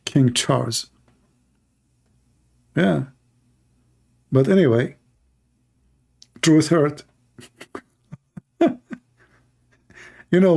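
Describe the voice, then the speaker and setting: With a mellow, mid-range voice, a Middle Eastern man hosting a livestream mocks things in blunt broken English. His commentary carries a Middle Eastern accent.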